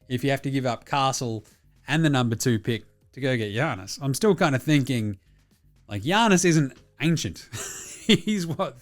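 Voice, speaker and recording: An Australian man hosting a solo sports talk show, bluntly rambling and swearing constantly as he reads out listener messages. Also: a little high. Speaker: podcast host.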